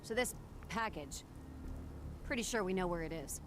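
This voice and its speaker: A woman's voice: on the low side, lively intonation, normal speed, background noise, natural voice. A woman voicing a curt tough guard. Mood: stern. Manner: curt, stern.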